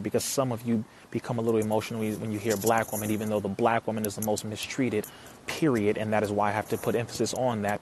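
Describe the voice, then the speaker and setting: A man giving an impassioned talk to an audience, preacherly and forceful, firing rhetorical questions and rising to emphatic peaks. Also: mid-range voice, slight background noise. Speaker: speaker addressing an audience.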